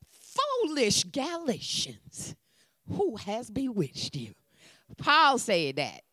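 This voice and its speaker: A woman preacher, leading a sermon with call and response and swinging from loud calls to hushed whispers. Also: on the high side, dry recording, studio quality.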